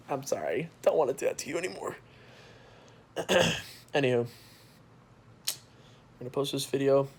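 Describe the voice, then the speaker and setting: A young man talking casually to his viewers in a candid, rambling vlog, swearing freely. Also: medium pitch. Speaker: vlogger.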